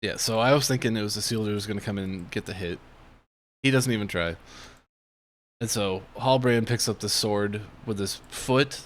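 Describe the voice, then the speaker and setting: A man's voice: on the low side, normal speed. A man giving a casual, sarcastic commentary review of a TV show, mocking what he watches.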